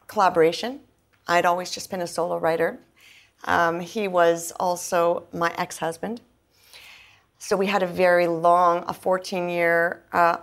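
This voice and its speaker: A woman's voice: lowish voice, fairly bright tone. A middle-aged singer-songwriter being interviewed, talking earnestly and at length, with many fillers and restarts as she explains. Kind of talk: candid conversational interview.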